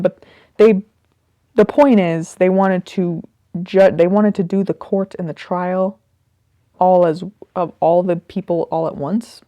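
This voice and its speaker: A woman hosts a casual spoken commentary on a book she's reading, rambling and thinking aloud as she goes. Her voice is fairly low, creaky and mellow, with no echo.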